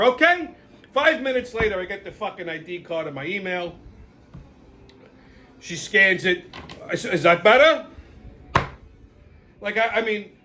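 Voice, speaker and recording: A man hosting his own show, telling stories in a profane, exasperated, animated rant. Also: high-pitched. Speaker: show host. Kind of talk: casual storytelling rant.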